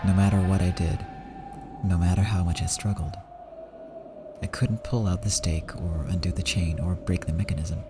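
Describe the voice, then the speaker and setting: Man, visual novel streamer, first-person dramatic narration, low voice, clear music behind. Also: steady tone, moderate pace. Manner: dramatic reading, drops to whispers in tense parts.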